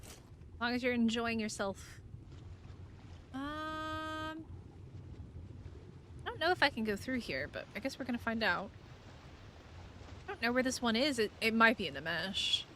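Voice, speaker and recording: A woman's voice: fairly high pitch, animated, measured pace, long pauses, fairly bright tone, a little hiss or hum. A woman streaming a survival game, giving casual commentary and playfully chatting to creatures and viewers.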